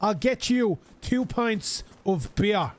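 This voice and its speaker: Man doing a friendly barman, high voice, slow, drawn-out words. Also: expressive. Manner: slow, over-enunciated.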